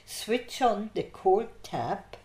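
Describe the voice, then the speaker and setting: Older lady telling old stories, slow and low-ish, laughs a lot, roomy echo. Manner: lively anecdotal, laughs through her stories. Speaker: interviewee. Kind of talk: oral history storytelling. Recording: echoey room.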